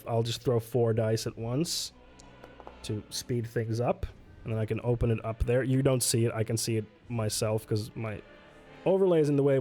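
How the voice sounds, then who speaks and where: A man at an ordinary middle pitch, streaming a solo tabletop game in a loose, chatty way. He reads rules aloud, mutters while moving pieces, and answers his chat between turns. Faint music plays softly behind him. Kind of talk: casual livestream play-through.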